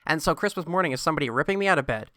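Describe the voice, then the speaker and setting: Young male podcast co-host, bright and smooth voice, eager chatter. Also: a little high, expressive, rapid-fire, no room sound, studio quality. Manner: enthusiastic, giggly, stammering restarts. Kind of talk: casual chat.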